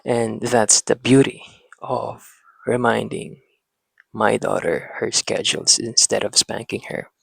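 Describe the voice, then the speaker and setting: A man hosting a parenting talk, speaking in a slow, reflective monologue with frequent pauses and restarts, as if reasoning with himself. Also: fairly low pitch, little pitch movement, vocal fry, breathy edge, no room sound, low-quality recording. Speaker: parenting channel host.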